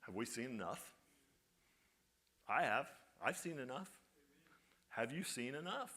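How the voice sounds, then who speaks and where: A man's voice: medium pitch, big pitch swings, measured pace, sharp tone. A male pastor giving a conversational sermon, often putting rhetorical questions to his congregation.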